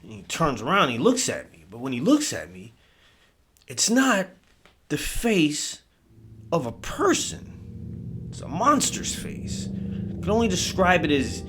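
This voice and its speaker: A man's voice: a little high, huge pitch swings, measured pace, pauses often, fairly bright tone. A man telling a first-person scary story in a casual, profane, street-style way. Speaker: horror story narrator. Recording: music bed under voice.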